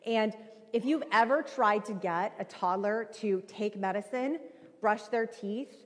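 A woman in her thirties preaching a sermon, telling a personal story in a conversational, animated way with many fillers. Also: mid-range voice, a little slow. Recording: reverberant hall.

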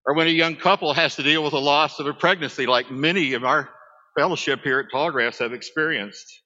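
A man's voice: a little high, fairly quick, sharp tone, in a large hall, lo-fi sound. A man, preaching a sermon as a pastor, talking conversationally with asides to his congregation.

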